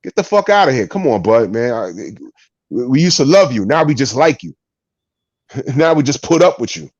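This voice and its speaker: A man's voice: medium pitch, normal speed, no room sound, dull audio. A man co-hosting a casual boxing show, ranting and swearing in a heated debate. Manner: profane, ranting, animated.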